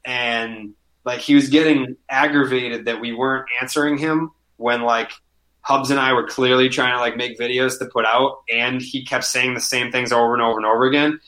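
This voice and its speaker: A man chatting casually as a podcast guest, telling animated stories, swearing freely and saying "like" constantly. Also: mid-range voice, moderate pace. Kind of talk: casual chat, storytelling.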